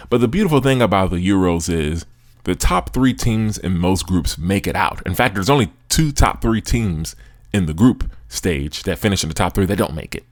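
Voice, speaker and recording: A young American man hosts a sports podcast, talking casually and with animation, full of slang and frequent laughs. His voice is low, and the studio-quality recording has no echo.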